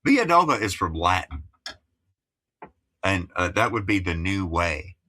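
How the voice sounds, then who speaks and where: Low, forceful-voiced guest musician in his fifties. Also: sing-song. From Appalachia, USA. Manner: digressive, chatty, lots of you-knows and restarts; deliberately careful broadcast English. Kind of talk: casual interview chat.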